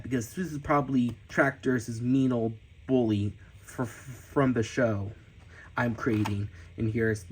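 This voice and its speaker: An amateur cartoonist gives a casual tour of his sketchbook, letting out excited gasps and cheers and often restarting his sentences. His voice is medium in pitch, and the recording quality is low.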